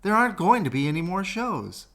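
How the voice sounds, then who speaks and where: A man's voice: sits high, very animated, a little fast, a bit bright, voice pushed up, exaggerated voice. A man voicing a young woman bandleader, glum and wistful, in a storybook read-aloud.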